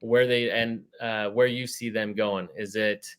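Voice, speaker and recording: A man hosting a casual sports interview podcast, talking in a relaxed, rambling way with lots of fillers. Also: lowish voice, measured pace, smooth. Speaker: podcast host.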